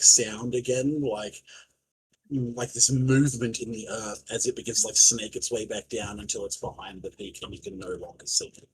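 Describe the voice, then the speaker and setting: A man's voice: mid-range voice, husky, rough recording. A man running a tabletop game as game master, narrating loosely with many fillers and casual swearing.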